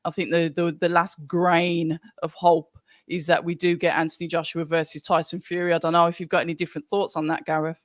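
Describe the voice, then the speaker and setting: A man's voice: on the high side, little pitch movement, brisk, no room sound, clean studio sound. A man hosting a live chat show, upbeat and jokey, reading out viewer comments.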